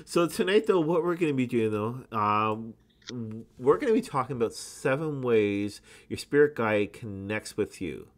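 A man's voice: mid-range voice, lively intonation, normal speed. A man co-hosting a casual spiritual podcast, rambling with lots of ums and restarts. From Canada. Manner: rambling, many fillers and restarts. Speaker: podcast co-host.

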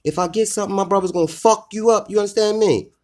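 A man voicing an angry young woman who cusses out her partner in a high, shrill put-on voice. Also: fast talker, darkish tone, lightly acted. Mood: furious. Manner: shrill, cussing, threatening.

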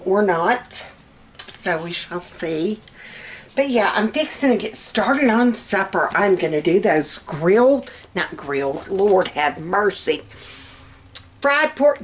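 A woman's voice: medium pitch, a bit bright, a little hiss or hum. A middle-aged woman with a Southern US accent chatting casually as she cooks in her home kitchen, rambling along with plenty of "um"s. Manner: chatty, rambling, with drawn-out words and many "um"s. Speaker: cooking vlogger. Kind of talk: casual cook-along chat.

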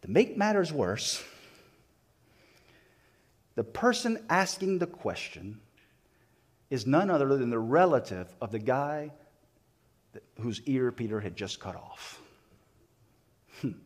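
A man's voice: mid-range voice, sing-song, takes it slowly, long pauses. A man pastor preaching a sermon, retelling a story and acting out the voices in it, with frequent small restarts.

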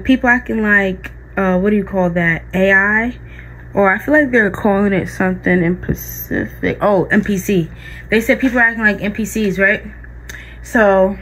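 A woman's voice: mid-range voice, fairly bright tone, rough recording. Chatty woman vlogger. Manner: rambling, full of likes and restarts. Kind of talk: casual chat.

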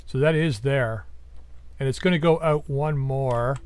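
A man giving casual gameplay commentary, thinking aloud as he plans, his voice going a bit hoarse. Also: mid-range voice, unhurried, a little mellow, slight background noise. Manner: thinking aloud, musing and planning.

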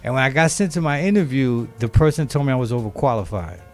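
A man in his fifties, a talk show guest, telling his story in animated, streetwise talk. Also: medium pitch, quick pace, soft background music. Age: 50s. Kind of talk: casual talk-show conversation.

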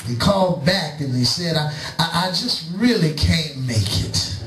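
A middle-aged man preaching in a church, telling a story slowly and acting out both sides of a conversation. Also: fairly high pitch, animated, fairly bright tone, far from the mic. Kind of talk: sermon storytelling. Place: church sanctuary. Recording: echoey church, preacher away from the mic.

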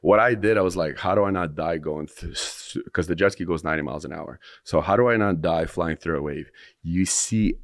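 Low-voiced young guy on a podcast, rambling and cursing, restarts a lot, dry sound. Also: a little fast, no room sound. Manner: rambling, restarts sentences, swears freely. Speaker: podcast guest. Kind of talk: casual storytelling in conversation.

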